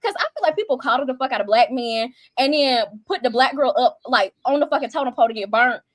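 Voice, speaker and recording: Brief: high-voiced woman reviewer, heated and profane, quick delivery. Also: lively intonation, no echo, clean studio sound. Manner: fast, heated, profane, acts out quotes. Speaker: reality show reviewer. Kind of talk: casual ranting commentary.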